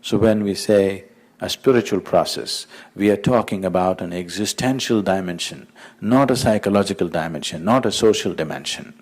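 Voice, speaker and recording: A man giving a spiritual talk, speaking in a measured way and driving points home through repetition. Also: low voice, a little mellow. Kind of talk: spiritual talk with a told joke.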